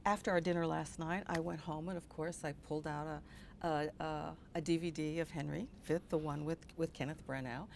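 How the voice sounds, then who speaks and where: A woman's voice: deep voice, fairly even intonation, normal speed, vocal fry, slight background noise. A woman interviewer asking a question, searching for words with small restarts. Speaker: interviewer, graduate school dean.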